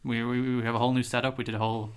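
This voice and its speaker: A man's voice: medium pitch, little pitch movement, rapid-fire, clean tone. A man with an ordinary mid-range voice co-hosts a casual podcast. He teases his co-host, jumps in often and keeps the talk playful. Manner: teasing, interrupts often.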